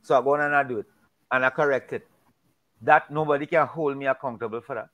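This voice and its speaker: A man's voice: medium pitch, fairly even intonation, fast talker, dull audio. A man in a casual Bible discussion, talking emphatically and preachily, often repeating and restarting his words.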